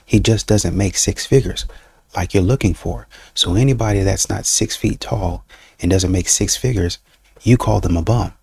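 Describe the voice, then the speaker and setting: A man's voice: sits low, normal speed, creaky, dark tone, breathy edge, no room sound. A man hosting a reaction show, arguing back at a clip with pointed questions. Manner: argumentative, questioning, mocks the other side. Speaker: reaction channel host. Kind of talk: commentary reacting to clips.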